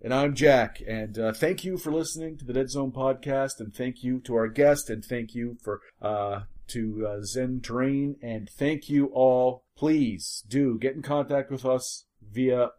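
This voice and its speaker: A man's voice: medium pitch, unhurried, few pauses, a little mellow. A man co-hosting a gaming podcast in casual, rambling chat. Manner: rambling, restarts often. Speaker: podcast co-host.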